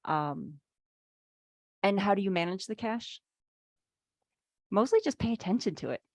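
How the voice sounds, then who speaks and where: A woman's voice: medium pitch, lively intonation, unhurried, a little mellow, no echo. A woman giving a casual online workshop on business finances, chatty, full of "like"s and playful acted asides, speaking over a video call.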